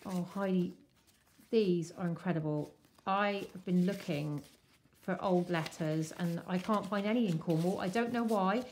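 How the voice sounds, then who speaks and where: A woman chatting casually and excitedly as she unwraps a craft swap parcel. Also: on the low side, a little hiss or hum. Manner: gushing, excitable, slow-paced. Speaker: crafting vlogger. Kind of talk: casual unboxing chat.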